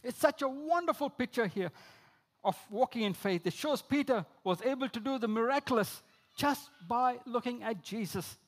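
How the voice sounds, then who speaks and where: High-voiced man preaching a sermon. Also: moderate pace. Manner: rises to emphatic high exclamations, drops low for quoted lines; repeats phrases, addresses listeners as friends.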